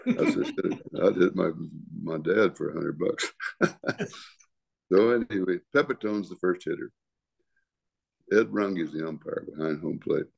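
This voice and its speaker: A man's voice: low voice, very animated, measured pace, gravelly, long pauses, darkish tone. An older man, a retired ballplayer, telling profane stories in a casual interview and chuckling often. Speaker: retired baseball pitcher.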